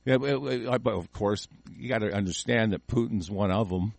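A man's voice: on the low side, moderate pace, creaky, no echo. A man hosting a call-in show, delivering an angry, profane political rant in heated bursts.

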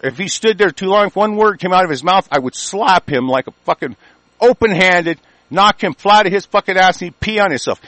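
A man's voice: high voice, fairly bright tone, no echo. A man from the United States ranting as a talk radio host, angry and profane, with frequent stammered restarts.

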